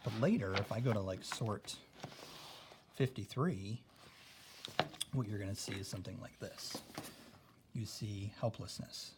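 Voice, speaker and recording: A man's voice: lowish voice, background noise. A man teaching a recorded spelling lesson, explaining patiently and checking in with "okay?" after nearly every point. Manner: explains slowly, adds "okay?" often.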